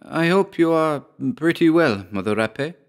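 A man's voice: on the high side, expressive, normal speed, pitched above the performer's own voice, natural voice. A man voicing a stingy, indecisive peasant farmer who stammers and wheedles in a storybook reading. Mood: wheedling.

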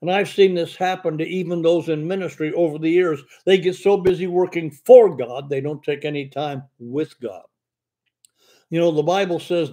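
Older preacher with a stammer. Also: male voice, a little high, steady tone, moderate pace, warm tone. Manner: stammers in speech, fluent when preaching. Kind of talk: sermon-style Bible Q&A.

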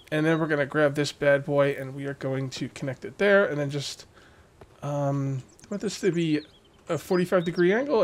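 A man hosting a let's play, chatting to himself and his viewers as he builds in a survival game and jokingly scolds the characters in his way. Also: fairly high pitch. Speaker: gaming channel host.

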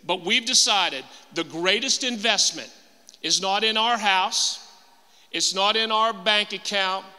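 High bright-voiced pastor preaching hard, repeating himself for emphasis, big echoey church hall. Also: male voice, measured pace. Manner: emphatic, repeats phrases for stress. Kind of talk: sermon. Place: church auditorium. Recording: long hall reverb, faint music.

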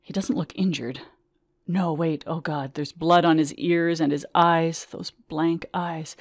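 A woman reading her own memoir aloud in measured, vivid first-person storytelling. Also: deep voice, fairly even intonation, no room sound, clean studio sound.

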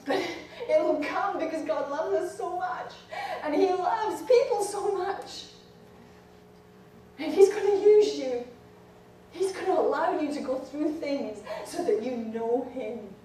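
Fervent high-voiced woman preacher, echoey hall. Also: slow pace. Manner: fervent, shouting at peaks then dropping low. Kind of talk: sermon to women. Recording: echoey hall from far off, faint noise.

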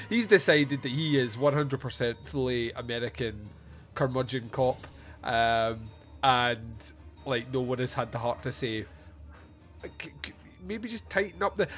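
Lively, animated male podcast host. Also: mid-range voice. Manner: animated, laughs often, swears freely. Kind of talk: casual film review chat.

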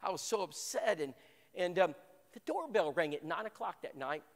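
A man with a high voice teaches a church Bible class by telling a personal story. He is animated and acts out the other people's voices. He often repeats words when he gets excited, and the hall adds a long echo. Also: normal speed.

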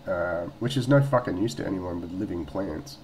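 Australian man, low voice, blunt and rambling, swears freely, faint hiss. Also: normal speed, darkish tone, rough recording. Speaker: vlogger. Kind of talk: casual talk to camera.

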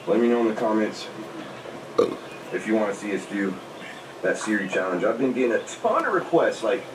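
A man's voice: fairly low pitch, expressive, fairly quick. A young man hosting an exploration vlog, talking directly to his viewers in a hyped way, heard from a video playing in the background. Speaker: vlogger. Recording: distant echoey video playing with noise.

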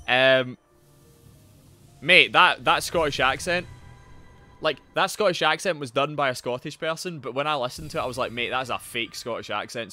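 A man streaming a game live, chatting casually and swearing, with sudden loud yells at the action. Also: medium pitch. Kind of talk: live gameplay commentary and chat.

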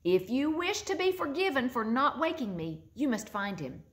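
A woman reading a storybook aloud and voicing an eager, lively young boy. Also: high voice, moderate pace, pitched above the performer's own voice. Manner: bright, excited, scolding fondly.

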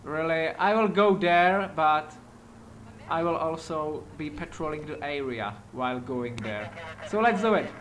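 A man with a non-native English accent giving casual gameplay commentary, excitable and quick to exclaim and swear. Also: fairly high pitch, slight background noise. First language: not English. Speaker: gaming YouTuber.

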